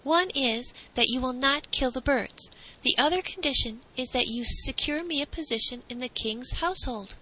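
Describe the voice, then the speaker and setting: A woman's voice: high-pitched, normal speed, pushed and bright, pitched above the performer's own voice, poor audio. A woman voicing an earnest, determined young boy in a storybook reading. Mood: insistent. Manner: bold, pleading.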